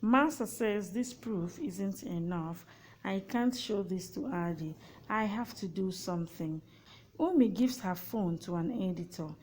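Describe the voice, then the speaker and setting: A woman narrating a TV plot recap, reading out every character's lines in an even, matter-of-fact way. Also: mid-range voice, unhurried, low-quality recording.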